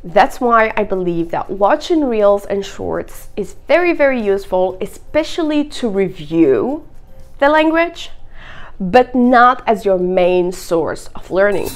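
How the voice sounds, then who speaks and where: Lively, animated woman teaching English. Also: medium pitch, unhurried. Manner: expressive, playful, direct to camera. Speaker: English teacher and content creator. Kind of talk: energetic video lesson.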